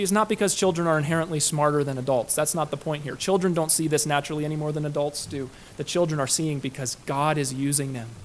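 A man's voice: a little high, a little hiss or hum. A man preaching a sermon as pastor, emphatic, his intensity rising and falling.

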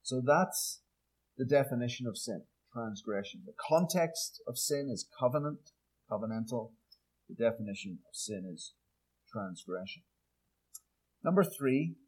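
A man preaching an expository sermon, measured and emphatic, slowing down on key words. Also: medium pitch, slightly rough, poor audio.

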